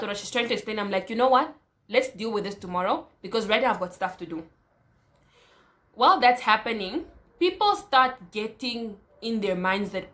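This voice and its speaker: A young woman telling a personal story in a casual, animated way, acting out what people said. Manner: animated, acts out quotes with big pitch jumps. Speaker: storyteller vlogger.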